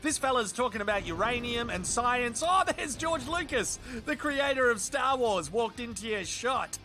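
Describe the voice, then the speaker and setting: High, bright Australian man doing sweary commentary. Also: moderate pace, soft background music. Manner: sweary, sarcastic, animated. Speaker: video reviewer. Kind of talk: comedic voice-over commentary.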